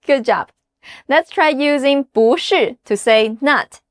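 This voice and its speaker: A woman teaching a scripted language lesson, patient and deliberate, pausing for the listener to repeat after her. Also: sits high, no echo, clean studio sound. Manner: patient, slow drilling with repeat-after-me prompts.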